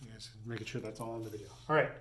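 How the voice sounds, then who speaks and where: A man, a Latin teacher giving a recorded lesson and slowly repeating each form as he explains it. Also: on the low side, steady tone, fairly bright tone, a little hiss or hum. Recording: echoey room.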